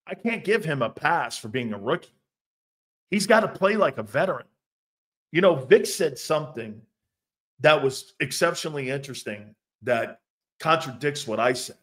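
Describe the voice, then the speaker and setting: A man's voice: on the high side, moderate pace. A man hosting a sports talk show, reacting to fan comments in a loose, profane way and laughing often. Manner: animated, laughing, profane, loud outbursts.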